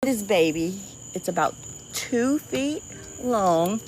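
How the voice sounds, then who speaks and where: A woman's voice: mid-range voice, expressive, takes it slowly, a little mellow, a little hiss or hum. Cajun woman chatting on a swamp livestream. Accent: Cajun, South Louisiana. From South Louisiana. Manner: chatty, lots of restarts and y'all, laughs easily. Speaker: livestream host. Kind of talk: casual livestream chat with viewers. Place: outdoors by a swamp river at night.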